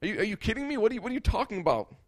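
Man doing a high, jeering young friend; scoffing, incredulous, fast. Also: big pitch swings, no room sound. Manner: incredulous, sneering questions.

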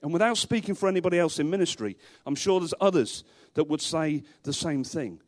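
A man's voice: fairly high pitch, expressive, a little fast. A male pastor preaching a sermon to a congregation in a church, emphatic, repeating rhetorical questions and dropping in dry humorous asides.

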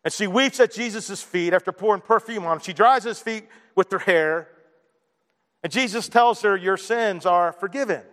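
A man's voice: high voice, normal speed, a bit bright. A man preaching a sermon as pastor, impassioned and repeating himself with stammered emphasis. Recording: long hall reverb.

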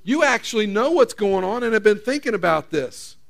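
Gravelly high-voiced man preaching. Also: expressive, fairly quick. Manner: conversational Bible exposition, reading verses aloud. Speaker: pastor. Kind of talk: sermon.

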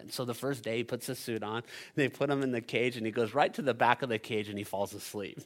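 A man preaching a sermon, telling a story and building to loud climaxes. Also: mid-range voice, quick pace. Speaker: pastor.

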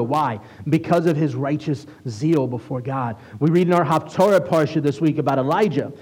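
A man preaching a sermon as a rabbi, conversational and asking his listeners questions, reading scripture aloud slowly. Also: medium pitch, darkish tone, low-quality recording. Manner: conversational, asks the congregation questions.

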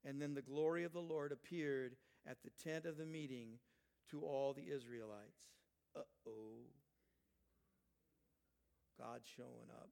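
An older male pastor delivers a sermon in a high-pitched, emphatic voice. He swings between loud, urgent quotations and soft, earnest asides to his congregation. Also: normal speed, smooth. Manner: emphatic, rising loud when quoting, dropping soft for asides.

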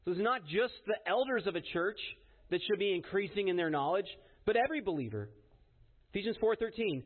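A man's voice: high-pitched, very animated, a little fast. A man preaching a sermon in an earnest, emphatic way, often checking in with his listeners by asking "right?". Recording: tinny phone-like sound.

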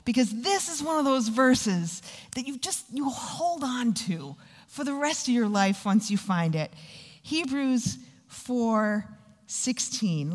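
A woman giving a sermon, telling stories and slowing down for emphasis. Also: medium pitch, darkish tone. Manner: storytelling, acts out quoted voices, slows down for emphasis. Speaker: Bible teacher. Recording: long hall reverb.

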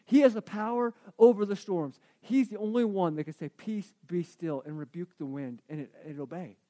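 High-voiced man preaching a sermon. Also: a little fast, mellow.

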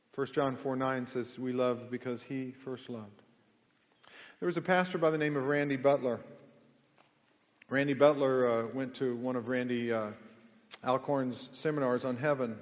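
A male pastor preaching, earnest and story-driven, rising to loud emphasis and then dropping to hushed tones. His voice rings out with a long hall reverb. The sound is dull and lo-fi, like an older church recording. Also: medium pitch, fairly even intonation, moderate pace. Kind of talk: sermon with closing prayer.

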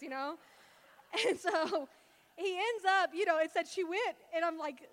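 A woman's voice: very high-pitched, a little fast, a bit bright. A young woman gives a casual Bible talk. She talks in a loose, chatty storytelling way, full of fillers. Her voice trails off into a long reverb, as in a large hall. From Louisiana.

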